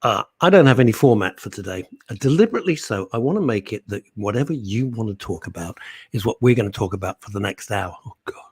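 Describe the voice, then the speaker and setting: A man's voice: lowish voice, lively intonation, fast talker, a little mellow, breathy edge, no room sound. A middle-aged man, hosting live talk radio and reading out listener comments in a playful, teasing way. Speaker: radio show host.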